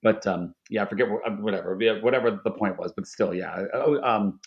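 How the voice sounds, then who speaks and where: A man's voice: on the low side, fairly quick. A man from the Philadelphia area chatting casually as a podcast co-host, rambling, restarting sentences and swearing freely. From Philadelphia area, USA. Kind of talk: casual chat. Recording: dull lo-fi sound.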